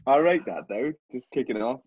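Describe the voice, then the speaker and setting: A man's voice: mid-range voice, big pitch swings, fairly quick, heavy background noise. A man, co-hosting a podcast in casual chat, throwing in laid-back short quips. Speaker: podcast co-host. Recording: muffled lo-fi audio.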